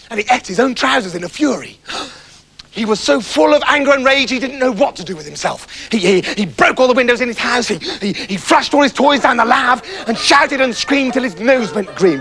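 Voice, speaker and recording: Manic, shouty storyteller man. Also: extremely high pitch, fairly quick, husky, soft background music. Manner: wildly animated, shouty, comic.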